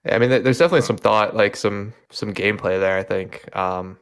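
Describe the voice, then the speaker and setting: Man, low gravelly voice, loose rambling podcast-guest talk. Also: a little fast, fairly bright tone. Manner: rambling, lots of fillers and hedges. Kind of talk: casual chat.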